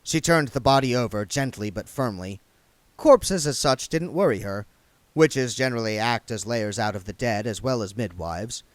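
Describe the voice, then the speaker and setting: Guy reading a novel out loud, lively up and down voice, dry close sound. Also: mid-range voice, normal speed, dry recording. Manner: expressive, lively narration. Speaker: reader.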